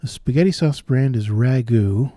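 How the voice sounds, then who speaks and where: Guy working thru crossword clues out loud, lowish mellow voice, explains as he goes, very dry sound. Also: moderate pace, no room sound. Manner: thinking aloud, explaining clues. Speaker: puzzle solver. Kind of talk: solving crosswords aloud.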